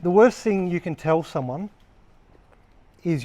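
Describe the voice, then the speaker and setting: A man's voice: high voice, expressive, a little slow, dark tone. A man giving a casual training talk to a live group of workers, blunt and conversational, swearing freely as he explains. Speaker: workplace trainer.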